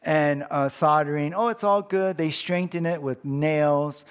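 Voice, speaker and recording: A man's voice: on the high side, unhurried, clean tone. Earnest, emphatic middle-aged male pastor. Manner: earnest and emphatic, repeating key phrases. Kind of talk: sermon.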